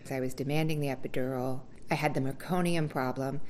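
A woman telling her own birth story in a candid, wry, casual way, acting out voices with big leaps in pitch. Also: steady tone, fast talker, a little mellow, slight background noise.

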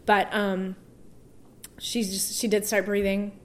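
A woman speaking as an interview guest and telling a personal story. She is emotional and halting, with restarts and soft laughs. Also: medium pitch, little pitch movement.

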